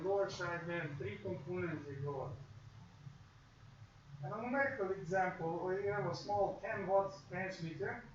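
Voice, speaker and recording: A man with a high-sitting voice teaches a radio course in a classroom, lecturing and acting out examples in quoted asides. There's a little hiss or hum, and the recording is dull and echoey, picked up from far off the mic.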